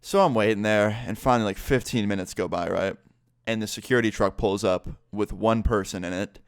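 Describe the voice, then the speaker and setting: A man's voice: on the low side, fairly quick, dry recording, clean studio sound. A young man telling a rambling, swear-filled story for his vlog. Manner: rambling, profanity-laced storytelling full of fillers. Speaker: YouTuber. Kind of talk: casual story time vlog.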